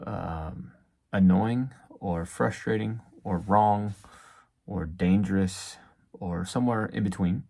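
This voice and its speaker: A man in his thirties giving a casual, reflective devotional talk about parenting as a father, halting with many fillers. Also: lowish voice, vocal fry, a little mellow. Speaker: faith vlogger and dad.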